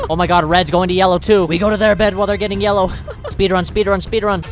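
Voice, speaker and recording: A man with a high-pitched voice calls his own gameplay live, swinging from cocky trash talk to frantic pleading. He is slangy and excitable, never far from a "bro", with faint music under him. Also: fast talker. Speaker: gaming YouTuber.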